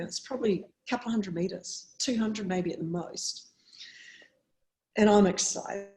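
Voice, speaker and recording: A woman's voice: measured pace, a little mellow, roomy sound, rough recording. A woman from New Zealand with a New Zealand accent, a marathon swimmer telling stories as an interview guest and acting out her own past lines. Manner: acts out her own past lines with big jumps in pitch. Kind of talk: animated storytelling in an interview.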